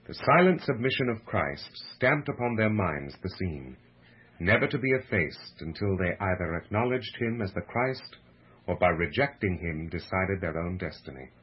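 A man narrating a religious book with a slow, measured, solemn delivery, heard on a muffled lo-fi radio recording. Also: low voice, lively intonation, husky.

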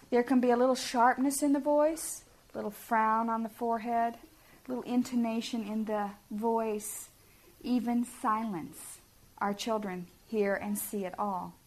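A middle-aged woman giving a sermon-style talk to parents, earnest and homey, often putting questions to her listeners. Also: fairly high pitch. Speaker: speaker at a family ministry talk.

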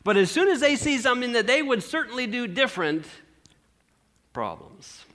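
A male pastor preaching a sermon through an animated story, asking the congregation questions. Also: extremely high pitch, normal speed.

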